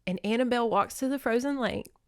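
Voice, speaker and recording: A woman's voice: on the high side, fast, dry recording, clean studio sound. A woman hosting a podcast, giving a folksy, sentimental recap of a movie and laughing often. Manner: fond and sentimental storytelling. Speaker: podcast host.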